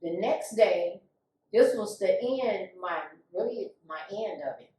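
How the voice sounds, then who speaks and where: A woman's voice: mid-range voice, expressive, slow pace, warm tone, very echoey, far from the mic, poor audio. A woman giving a candid, emotional testimony, acting out the voices of people she quotes. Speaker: guest.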